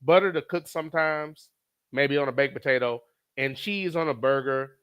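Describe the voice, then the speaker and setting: A man streaming live, reading chat messages aloud in a casual, animated, profane way. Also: medium pitch, normal speed, clear, resonant tone, highs cut off.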